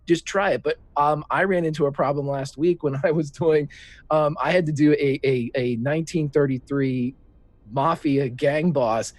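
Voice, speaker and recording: A man who runs tabletop games, telling animated stories and giving casual tips. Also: on the high side, normal speed, no echo. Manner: animated storytelling, laughing.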